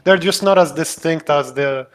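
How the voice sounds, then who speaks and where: A man from Poland chatting casually as a tournament commentator, relaxed, often trailing off softly. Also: fairly high pitch, moderate pace. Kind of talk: casual chat.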